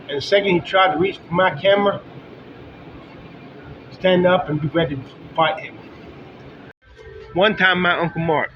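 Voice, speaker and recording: A middle-aged man vents in a bitter, rambling vlog rant, his fairly high voice stumbling over restarts. The sound is dull and lo-fi, with faint music underneath. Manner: bitter, ranting, halting restarts. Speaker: vlogger.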